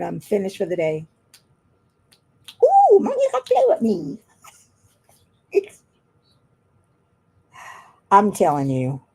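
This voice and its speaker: A woman's voice: mid-range voice, gravelly, dark tone, husky. A woman chatting casually while she works on a craft at home, rambling and laughing often. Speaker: craft vlogger.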